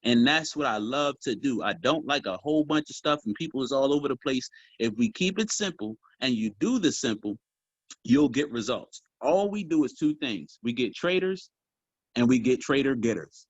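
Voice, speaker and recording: Man giving a lively sales coaching talk. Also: medium pitch, normal speed, dry recording, highs cut off. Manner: animated, casual, addresses group as y'all. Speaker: sales trainer. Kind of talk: motivational training talk.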